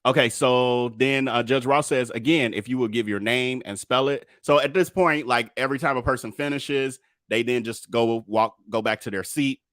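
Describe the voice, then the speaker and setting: A man reads court transcripts aloud and breaks off to talk casually to his listeners. His voice sits at a medium pitch. The recording is dry and close, with no room echo. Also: moderate pace, few pauses, fairly bright tone. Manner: casual, addresses listeners as y'all. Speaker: true-crime commentator. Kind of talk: reading court transcripts with commentary.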